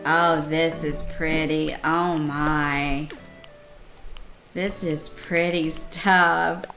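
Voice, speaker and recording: A woman streaming herself playing a cozy game, chatting casually with viewers and gushing with excitement over what she builds. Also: sits low, drawn-out words, music in the background. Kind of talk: casual live-stream chat while playing.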